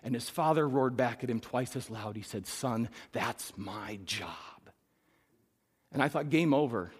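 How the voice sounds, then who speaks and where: A middle-aged man, a pastor preaching a sermon, who climbs to loud emphatic peaks and then drops to soft, reflective storytelling. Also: mid-range voice, brisk, slightly rough. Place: church sanctuary. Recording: long reverb of a hall.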